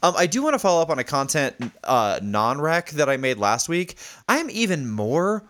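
A man's voice: a little high, very animated, normal speed, a bit bright. A man co-hosting a podcast, ranting in casual chat and swearing freely. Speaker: podcast co-host. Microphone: studio podcast mic.

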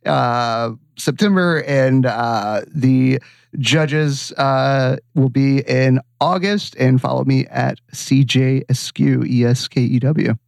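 A man's voice: mid-range voice, slow, vocal fry, darkish tone, no room sound. A man from Ohio appearing as a guest writer on a casual podcast, laughing often and answering with short agreements. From Columbus, Ohio, USA.

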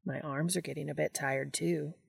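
Ancient male angel, voiced by a woman, low soft voice, unhurried, gently amused, audiobook reading. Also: steady tone, gravelly, slightly rough, no room sound, studio quality, full character voice. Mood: calm. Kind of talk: audiobook fan fiction reading.

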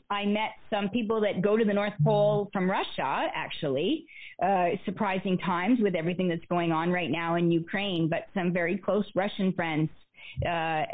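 A woman guest speaker telling personal stories in an interview, earnest and animated. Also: lowish voice, moderate pace. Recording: phone-like narrow band.

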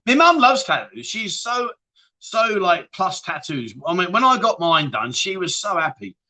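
Bright, jokey man hosting a livestream. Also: high-pitched, sing-song, normal speed. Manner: jokey, laughing, banter with viewers. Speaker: livestream host. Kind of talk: casual livestream chat reading viewer comments.

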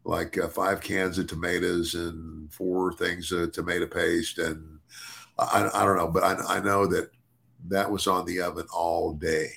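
An older man, a podcast co-host, talking casually in a halting way, with many restarts and repeated words. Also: deep voice, level tone, creaky, fairly bright tone. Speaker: podcast co-host and former wrestler.

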